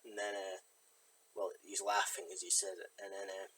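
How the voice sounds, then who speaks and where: A man's voice: low-pitched, monotone, moderate pace, sharp tone, slight background noise, rough recording. A man casually retelling a film's plot in a review, rambling with fillers and side remarks. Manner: rambling, many fillers and asides. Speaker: film reviewer. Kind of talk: casual spoken film recap.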